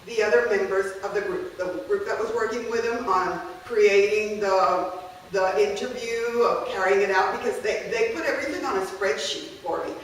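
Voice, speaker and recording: A woman language teacher with a mid-range voice presents a conversational workshop on classroom activities, frequently checking in with her audience. She sounds distant in an echoey room, with slight background noise.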